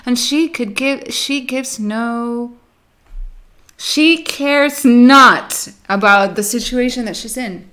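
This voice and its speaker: A woman's voice: a little high, slow pace, fairly bright tone. A woman vlogging to camera in casual chat, rambling with self-mocking, dramatic complaints.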